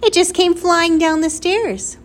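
A woman voicing a fussy, excitable mother who talks loudly and shrilly. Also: a little high, measured pace. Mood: shrill. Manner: loud and shrieking.

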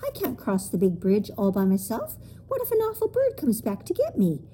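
A woman's voice: wildly swooping pitch, moderate pace, warm tone, slight background noise. A woman voicing a timid but plucky young girl in a storybook reading. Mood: anxious. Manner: high, anxious pleading.

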